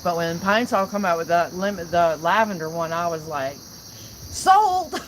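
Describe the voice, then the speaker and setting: A man's voice: on the high side, steady tone, a little fast, background noise. A man chatting casually in an easygoing way on a vlog. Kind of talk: casual chat. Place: outdoors in rural mountains at night. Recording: outdoor recording, loud crickets. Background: loud crickets and insects.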